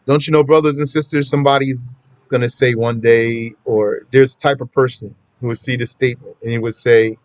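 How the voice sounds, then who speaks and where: A man's voice: medium pitch, fairly even intonation, fairly quick, hardly any pauses, no echo. A man teaching a casual religious lesson, talking conversationally and repeating his points for emphasis. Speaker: Islamic teacher.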